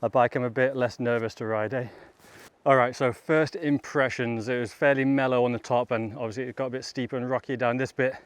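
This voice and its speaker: A man's voice: medium pitch, fairly even intonation, fairly quick, no room sound. A man vlogging outdoors on a bike trail, chatting casually and laughing often between remarks. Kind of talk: casual chat while riding.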